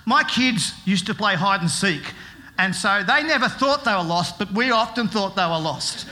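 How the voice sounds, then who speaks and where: A man's voice: high voice, lively intonation, moderate pace, bright, forceful tone. A middle-aged man giving a playful children's talk at a church service, telling a story with jokes and asking the kids questions. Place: church service with live audience.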